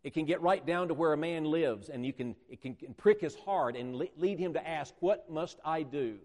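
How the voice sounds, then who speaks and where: A man preaching a sermon to a congregation, emphatic and repetitive, slowing down to stress key words. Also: fairly high pitch, darkish tone. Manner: emphatic, repeats phrases, stretches words for emphasis. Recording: echoey church hall.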